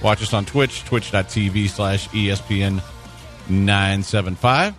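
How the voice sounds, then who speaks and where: A man's voice: lowish voice, a little slow, a bit bright, soft background music. A man co-hosting a sports radio show in casual chat, with dry teasing wisecracks. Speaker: co-host.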